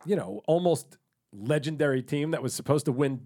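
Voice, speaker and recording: A man's voice: fairly high pitch, fairly quick, dark tone. A man hosting a podcast who asks questions in a casual chat and swears bluntly now and then. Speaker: podcast host.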